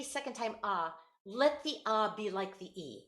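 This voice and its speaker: A woman voice teacher coaching a student over a video call, giving quick praise and clear instructions. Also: mid-range voice, expressive, a bit bright, reverberant. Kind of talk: virtual one-on-one singing lesson.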